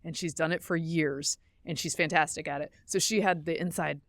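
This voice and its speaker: Chatty woman with a low, dry voice. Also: steady tone, normal speed, no room sound. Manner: chatty storyteller, laughs easily, self-correcting. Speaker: podcast co-host. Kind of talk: casual chat.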